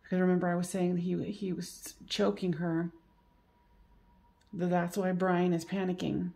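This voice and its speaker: Her voice lowish, gravelly and dark, a woman performs a solo psychic reading in a flat delivery. She stops and starts, repeats phrases, and keeps a soothing, coaxing tone.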